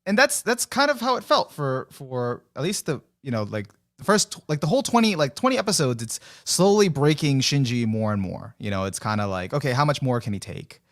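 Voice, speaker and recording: Lively-voiced man rambling in chat. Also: mid-range voice, brisk, few pauses. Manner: rambling, many fillers, laughs often. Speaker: podcast guest. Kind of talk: casual chat.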